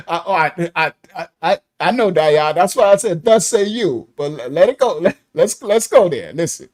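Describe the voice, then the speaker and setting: A man hosting a live stream, giving casual reaction commentary, animated and laughing often as he talks. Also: on the high side, moderate pace, few pauses.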